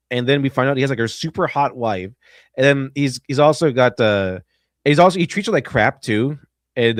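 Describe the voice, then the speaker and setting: A man's voice: medium pitch, no room sound, clean studio sound. A man hosting a casual livestream, reading donations aloud and chatting playfully. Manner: lively, playful, slips into mock voices. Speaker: stream host.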